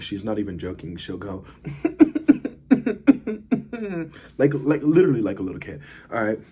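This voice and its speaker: Reviewing food and spinning a story for the camera, a male vlogger rambles along in a relaxed manner, leaning on fillers. His voice is lowish and dark with a breathy edge.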